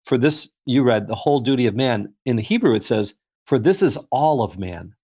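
As a guest in a relaxed faith-based conversation, a man with a medium-pitched, somewhat mellow and husky voice tells stories at normal speed. He's animated and rambling, full of fillers and restarts, and acts out the voices in his anecdotes.

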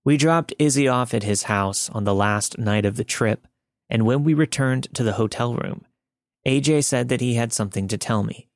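A man narrating a listener's true story in a steady, scripted podcast reading. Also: mid-range voice, normal speed, no echo, clean studio sound.

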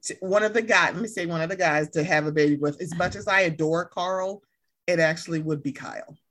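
A woman co-hosting a podcast in casual, animated chat, laughing and swearing freely. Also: on the low side, brisk. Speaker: podcast co-host.

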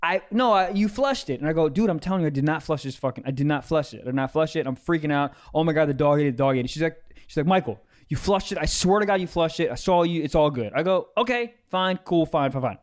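A man's voice: fairly high pitch, quick pace. A young man co-hosting a podcast, telling crude stories in casual comedic chat. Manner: crude, animated storytelling with laughter. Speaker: podcast co-host.

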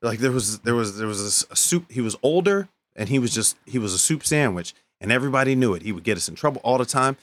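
A man co-hosting a podcast, telling casual stories, animated and profane, often laughing. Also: mid-range voice, fast, few pauses, dry recording. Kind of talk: casual storytelling chat.

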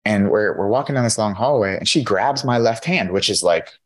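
A man's voice: fairly low pitch, expressive, brisk. A man, a podcast guest and keynote speaker, candidly telling his personal story in an interview, earnest and full of "you know".

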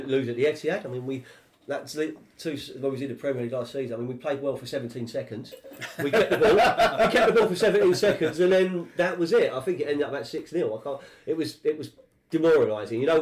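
Fast-talking animated English man. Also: mid-range voice. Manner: rambling animated storytelling. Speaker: podcast host. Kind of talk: casual chat.

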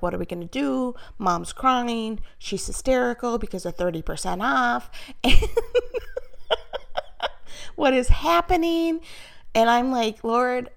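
A woman's voice: medium pitch, creaky. A middle-aged woman telling a personal story in a chatty, candid way, with light self-mockery, as she shares a faith-based reflection. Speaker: mother sharing a personal story. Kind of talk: casual faith-based vlog talk.

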